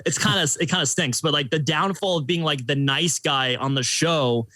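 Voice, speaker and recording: A man's voice: a little high, normal speed, bright, forceful tone, no echo. A young man, a guest on a podcast, chatting casually in a rambling, jokey way with many fillers. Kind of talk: casual chat.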